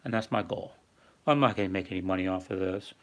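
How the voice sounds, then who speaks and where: A man's voice: low-pitched, fast talker, a bit bright. An older man hosting a casual livestream, rambling and reading viewer chat aloud with lots of fillers. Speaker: livestream host. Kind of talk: casual live-stream talk.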